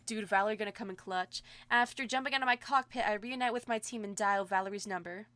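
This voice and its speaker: A young woman streamer reading a game's story aloud, bubbly and excitable with gushing asides. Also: mid-range voice, quick pace. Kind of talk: reading a visual novel aloud with commentary.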